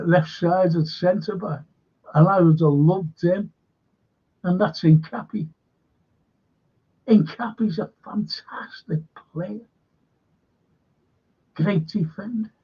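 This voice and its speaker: A man hosting a live stream, reading out viewer comments in a rambling, slow way with asides. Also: on the high side, lo-fi sound. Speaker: host.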